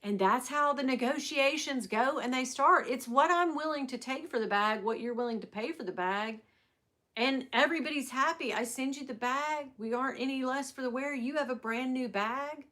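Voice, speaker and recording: A woman's voice: high voice, normal speed, a bit bright. Chatty, fired-up woman livestreaming. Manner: chatty, venting, swears freely, reads viewer comments aloud. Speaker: livestream host. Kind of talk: casual livestream chat.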